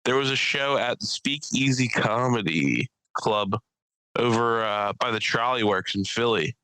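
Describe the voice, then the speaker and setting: Poor audio with no room sound captures a young man, a stand-up comic hosting a podcast, chatting casually at a measured pace. His clean, mid-range voice rambles through comedy stories full of swearing, breaking into loud bursts as he acts out other people.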